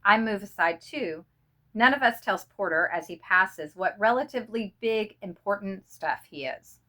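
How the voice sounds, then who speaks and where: A woman reading a short story aloud in an expressive, dramatic way. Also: medium pitch, moderate pace. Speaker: reader.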